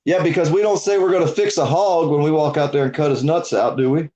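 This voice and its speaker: A man's voice: on the high side, steady tone, fast talker, dark tone, muffled recording. A man with a mix of Northern and Southern US accent, chatting crudely in folksy rural talk and laughing often. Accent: mixed Northern and Southern US. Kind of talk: casual chat.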